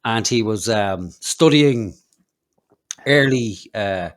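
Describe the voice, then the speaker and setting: A man's voice: lowish voice, expressive, slow pace. An Irish man co-hosting a comedy podcast, rambling and swearing as he tells a story. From Ireland. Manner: rambling, sweary, laughs often. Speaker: podcast co-host. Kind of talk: casual commentary.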